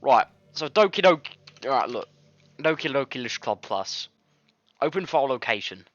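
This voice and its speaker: A man's voice: mid-range voice, big pitch swings, a little fast, fairly bright tone, no room sound, highs cut off. A man recording casual game commentary at his home studio, rambling, swearing and easily frustrated. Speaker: gaming video creator. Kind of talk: casual let's-play commentary.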